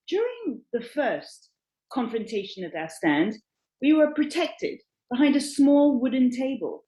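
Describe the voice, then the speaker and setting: A woman with a fairly high voice that swings widely in pitch, reading a prepared account aloud in an echoey room. She presses hard on key words as she goes. She speaks as a panel moderator. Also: big pitch swings, measured pace, warm tone.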